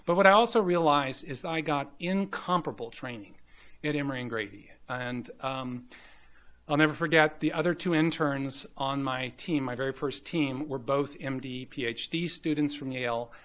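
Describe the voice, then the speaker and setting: A man's voice: medium pitch, moderate pace, fairly bright tone. A man in his fifties from the American South, giving a medical lecture told through personal stories with many ums. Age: 50s. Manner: anecdotal storyteller, frequent ums and you-knows. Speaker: grand rounds speaker. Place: lecture hall.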